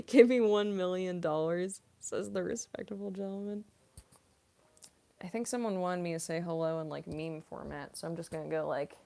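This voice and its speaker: A woman's voice: lowish voice, creaky, dark tone. A young woman, a voice actress, chatting casually on a live stream, giggling often and cooing at her cat.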